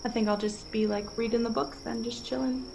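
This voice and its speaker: Soft-spoken woman with a gravelly edge. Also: a little high, steady tone, brisk, noisy background. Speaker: player. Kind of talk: casual tabletop play.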